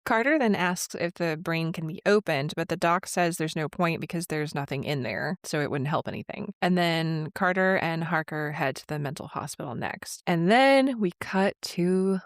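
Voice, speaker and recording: A woman's voice: low voice, lively intonation, normal speed, few pauses, no echo, studio quality. A woman co-hosting a podcast, casually retelling a film scene by scene with plenty of fillers. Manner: detailed plot retelling with frequent fillers. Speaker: podcast co-host. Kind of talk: casual chat recapping a film.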